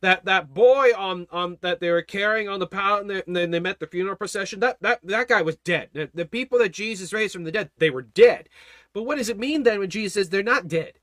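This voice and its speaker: A man's voice: high voice, a little fast, a bit bright, dry recording. A man teaching a Bible study, preaching emphatically and fervently and repeating his key phrases.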